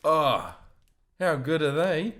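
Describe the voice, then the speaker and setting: A man's voice: fairly high pitch, very animated, takes it slowly, fairly bright tone. A man co-hosting a podcast in casual chat, joking and swearing freely. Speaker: podcast co-host.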